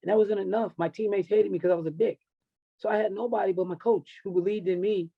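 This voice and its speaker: A man's voice: sits high, steady tone, fast talker, creaky, muffled recording. A middle-aged man and coach, telling his life story bluntly and emotionally on a podcast, with plenty of swearing. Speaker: podcast guest, wrestling and MMA coach. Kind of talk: candid personal storytelling.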